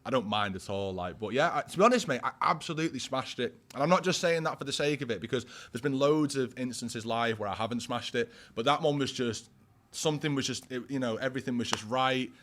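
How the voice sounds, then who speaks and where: Slight background noise sits behind a fast, fairly bright, mid-pitched male voice. The speaker, a twenty-something guest musician from Warrington with a Northern English accent, is a little tipsy after a pint and chats casually, heavy on slang and filler words.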